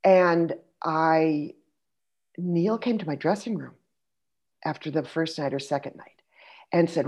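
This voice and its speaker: A middle-aged woman in casual conversation, an animated storyteller who laughs and restarts her sentences. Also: low voice, measured pace, pauses often, breathy edge. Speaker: guest.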